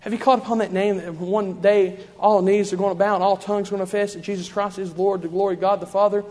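A man's voice: sits high, flat delivery, fast talker, darkish tone, in a large hall. A man preaching a sermon in a church, fervent and repetitive in his cadence.

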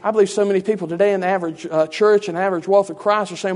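A man's voice: high-pitched, fairly even intonation, racing, few pauses. A man preacher giving a teaching sermon in a conversational way, with many rhetorical questions.

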